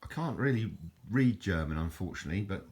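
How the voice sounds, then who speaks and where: A man's voice: deep voice, lively intonation, brisk, darkish tone. A man chatting casually in a show-and-tell vlog, rambling, correcting himself and stumbling over foreign words. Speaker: vlogger showing his bottle collection.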